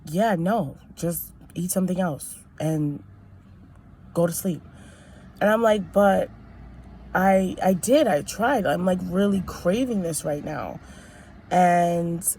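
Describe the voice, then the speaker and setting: A woman's voice: lowish voice, slow, long pauses, dark tone, a little hiss or hum. A young woman telling a personal story in a casual vlog, chatty and rambling with many fillers and restarts. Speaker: vlogger.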